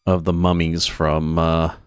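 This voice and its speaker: A man's voice: very deep voice, completely flat delivery, a little slow, background noise. A man hosting a casual let's-play stream, chatting and rambling with lots of fillers and asides, a bit stuffy from allergies. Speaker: streamer and host.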